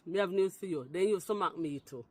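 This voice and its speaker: A woman's voice: fairly low pitch, fairly quick, husky. A woman from Jamaica with a Jamaican accent giving emphatic, argumentative reaction commentary to camera, mixing patois into her speech. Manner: emphatic and argumentative, repeats "you understand?". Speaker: vlogger responding to a video.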